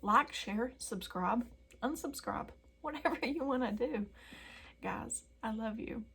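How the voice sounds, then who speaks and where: A woman hosting a daily devotional video, talking earnestly and emotionally to her viewers and often dropping to a soft whisper. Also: a little high, slow, gravelly, slight background noise. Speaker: Christian YouTube devotional host.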